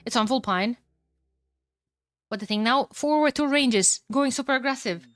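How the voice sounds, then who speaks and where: A young woman with a Romanian accent calls a strategy match live for her stream, chatty and easily excited. She bursts into loud exclamations and swears casually, recorded close and dry with no room sound. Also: fairly high pitch, normal speed, dry recording. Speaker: streamer casting games. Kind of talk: live game commentary and chat reading.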